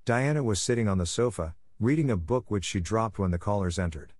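Low-voiced man narrating a storybook. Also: lively intonation, brisk, a little mellow, no echo, clean studio sound. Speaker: audiobook reader. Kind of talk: scripted narration.

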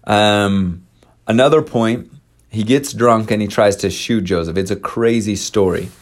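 Guy with a lowish voice telling a wild history story, slangy, lots of ums, really into it. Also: unhurried. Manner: animated retelling with slang, fillers and quoted dialogue. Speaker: storyteller presenting church history. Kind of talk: casual storytelling talk.

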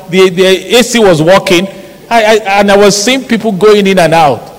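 A man's voice: high-pitched, normal speed. Nigerian man preaching in a reverberant hall. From Ibadan, Nigeria. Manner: animated, storytelling with mimicked shouts and laughter. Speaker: pastor. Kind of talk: sermon. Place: large church hall. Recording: hall reverb, faint background noise.

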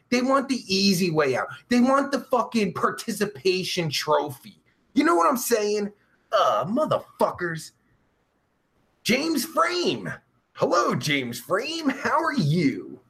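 A man hosting a live stream, reading chat aloud in a brash, profane, loud way. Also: sits high, creaky.

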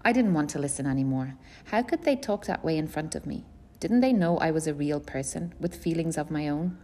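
A woman reading a first-person novel aloud in a plain, measured storytelling voice. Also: low voice, darkish tone. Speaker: audiobook reader.

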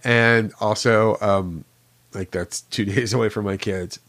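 A man's voice: fairly low pitch, steady tone, measured pace, fairly bright tone, dry recording. A man co-hosting a podcast in casual chat, laughing often and leaning on "like" as a filler. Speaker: podcast co-host.

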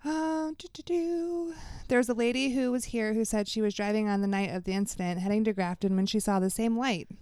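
Smooth-voiced woman podcast host. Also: medium pitch, steady tone, fast, hardly any pauses, darkish tone, no room sound, clean studio sound. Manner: reads news articles aloud with fillers and laughs. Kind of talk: casual podcast chat.

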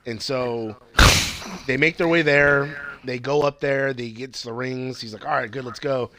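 Excitable swearing man recapping a movie. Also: mid-range voice, normal speed. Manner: excited, rambling, swears a lot, laughs at bits. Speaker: podcast co-host reviewing movies. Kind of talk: casual profane movie recap.

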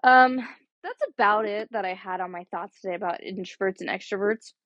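A woman's voice: mid-range voice, brisk, fairly bright tone, no echo. A young college-age woman with a drawl talks through a casual solo podcast. She rambles and circles back, sprinkling "like" everywhere. The recording is dry and a bit muffled. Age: young adult. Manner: rambling, chatty, heavy use of "like". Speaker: podcast host.

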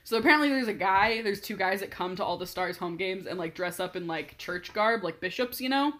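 A woman's voice: mid-range voice, lively intonation, a little fast, fairly bright tone. A young woman telling a story in casual chat, her voice rising and falling a lot as she gets carried away. She swears freely and breaks into laughs often, with plenty of likes and ums.

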